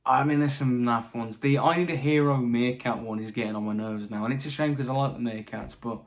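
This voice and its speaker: A man's voice: medium pitch, fairly even intonation, fairly quick. A young British man answering viewer questions in a casual chat, with frequent restarts and dry asides, his voice a little tired late at night. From Britain. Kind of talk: casual Q&A monologue.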